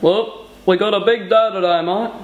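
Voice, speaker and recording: A man's voice: sits high, slight background noise. An older man with an Australian accent playing a friendly, easygoing grandfather in a tiny outback town in a short film, chatty and jokey. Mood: cheerful.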